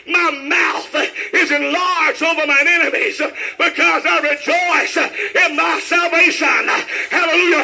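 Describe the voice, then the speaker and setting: A man preaching a shouted sermon in a church, rhythmic, with whoops and laughter. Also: extremely high pitch. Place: church tabernacle.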